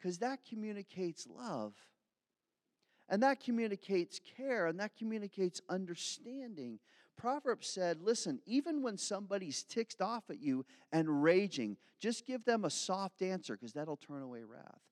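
A man's voice: high-pitched, very animated, unhurried, darkish tone. A male pastor from Philadelphia giving a conversational, self-deprecating sermon. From Philadelphia, USA. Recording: long hall reverb.

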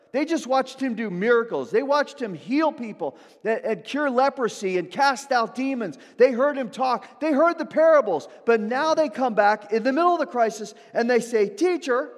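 A man preaching a sermon as pastor, building emphatically from hushed moments to loud ones. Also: high-pitched. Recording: long hall reverb.

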